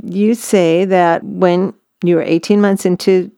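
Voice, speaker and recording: A woman's voice: fairly low pitch, steady tone, dark tone, smooth. A woman who hosts an interview and works as a parent educator, reacting readily and asking follow-up questions. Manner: engaged, quick to react. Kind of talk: conversational interview.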